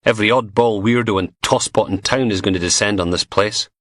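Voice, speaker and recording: A man's voice: on the low side, a little fast, fairly bright tone, no echo, lightly acted. A man voicing a blunt, chain-smoking female police inspector with a Scottish accent, dry and sardonic.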